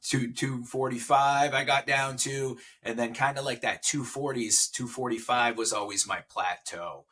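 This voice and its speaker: Male podcast guest in his 40s, heartfelt storyteller, bright forward tone. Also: medium pitch, a little slow, few pauses. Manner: emotional storytelling. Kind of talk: casual interview chat.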